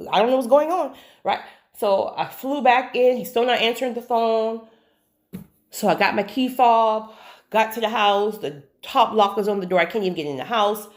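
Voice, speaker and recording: A woman telling a personal story to her viewers, chatty and animated, with asides and faith talk. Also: fairly high pitch. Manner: faith-based talk of God and spirits. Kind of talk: casual storytelling.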